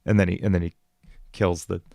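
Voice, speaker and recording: A man chats casually through a music livestream, rambling with plenty of fillers and quick laughs. His voice is on the lower side, and it sounds close and completely dry, with no room echo. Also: little pitch movement, creaky, a little mellow.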